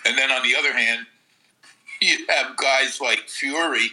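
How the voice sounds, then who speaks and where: A man's voice: mid-range voice, a little slow, bright, forceful tone, rough recording. A middle-aged man co-hosting a podcast, chatting casually and reacting with short remarks. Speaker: podcast co-host. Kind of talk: casual chat.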